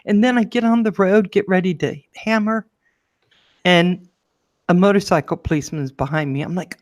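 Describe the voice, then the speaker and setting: Animated woman telling a story. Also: normal speed, no room sound, studio quality. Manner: lively storyteller, acts out quotes in a high voice. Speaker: show co-host. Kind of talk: casual chat, animated storytelling.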